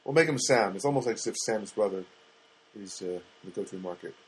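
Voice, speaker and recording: A man's voice: fairly low pitch, a little fast, slight background noise, poor audio. A man hosting a solo podcast from his studio apartment, rambling and ranting with many restarts. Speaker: podcast host.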